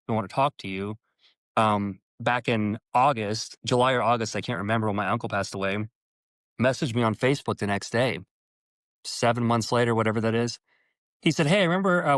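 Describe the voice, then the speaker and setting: A man as an interview guest telling a personal story earnestly, halting and restarting, and acting out quoted dialogue with his voice jumping up in pitch. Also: a bit bright, no room sound.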